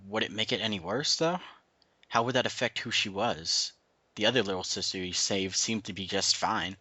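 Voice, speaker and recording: Low, bright male narrator, casual story reader, dry close mic. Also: normal speed, no echo. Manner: narrates plainly with laughs and asides. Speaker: reader, channel host. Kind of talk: casual reading aloud.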